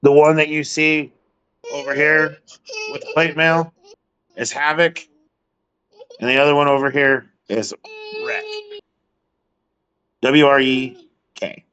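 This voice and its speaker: A man's voice: a little high, steady tone, slow pace, long pauses, bright, forceful tone, highs cut off. A man voicing a huge, stern jarl who rules a city and talks bluntly and commandingly. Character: huge stern male jarl, a city's ruler.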